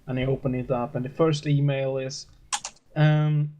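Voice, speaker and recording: A man narrating a tabletop role-play as game master, halting and full of hesitations. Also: medium pitch, flat delivery, dull audio, slight background noise. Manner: hesitant, many fillers and restarts.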